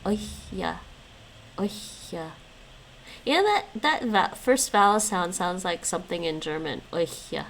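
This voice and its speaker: A woman's voice: fairly low pitch, sing-song, moderate pace, hardly any pauses, a bit bright, slight background noise, poor audio. A woman streaming her language practice, repeating words after an app and chatting casually with viewers, often laughing. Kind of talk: casual chat while practising vocabulary.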